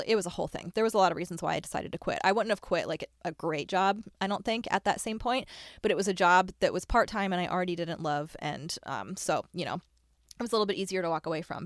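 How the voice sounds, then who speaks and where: A woman's voice: medium pitch, no echo. Chatty candid woman podcast host, dry sound. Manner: chatty, candid, self-deprecating, quick asides. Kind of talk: solo podcast monologue.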